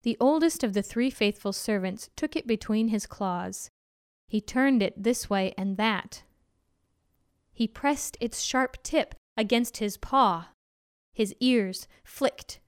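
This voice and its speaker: Clear-voiced woman reading a storybook. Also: on the high side, dry recording, clean studio sound. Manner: gentle, measured narration. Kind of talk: storybook read-aloud.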